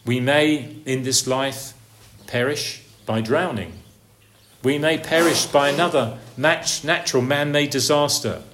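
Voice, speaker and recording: A preacher delivering a sermon, posing rhetorical questions and swinging from emphatic peaks down to low, quiet lines. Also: male voice, measured pace, slight background noise.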